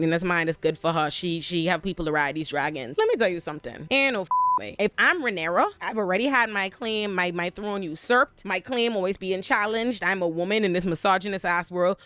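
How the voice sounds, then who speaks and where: A young woman giving a lively, joking recap of a TV episode, laughing often, cursing playfully and acting out the characters. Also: medium pitch, no room sound. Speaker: TV recap host.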